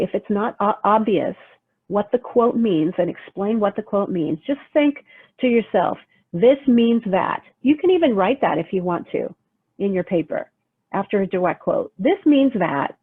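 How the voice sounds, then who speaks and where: A woman's voice: mid-range voice, slightly rough. A woman writing teacher explaining how to use sources in a recorded lecture, conversational and checking in often with "okay?". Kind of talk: recorded lecture over slides. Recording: phone-like narrow sound.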